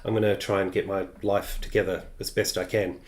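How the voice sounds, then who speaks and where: A man's voice: sits low, little pitch movement, a little fast. A middle-aged man hosting a live-streamed craft tutorial, chatty and loose, with plenty of ums and uhs as he answers viewer comments.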